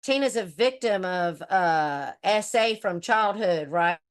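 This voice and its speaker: A woman's voice: medium pitch, lively intonation, slow pace. A middle-aged woman hosting a casual commentary chat, blunt and profane, trash-talking the people she discusses. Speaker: host.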